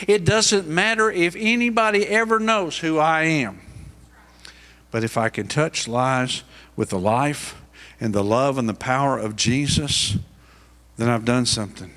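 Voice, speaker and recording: A man's voice: mid-range voice, unhurried, fairly bright tone. A middle-aged male pastor preaching a sermon, pressing his points with rising, emphatic questions.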